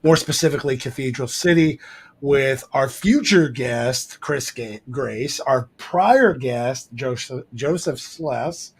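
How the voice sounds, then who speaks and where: A man co-hosting a podcast in loose, casual chat, his voice sitting at an ordinary middle pitch. He rambles, circling back with ums, uhs and restarts. He is heard over a remote call mic. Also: takes it slowly, husky. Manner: rambling, lots of fillers and restarts. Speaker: podcast co-host.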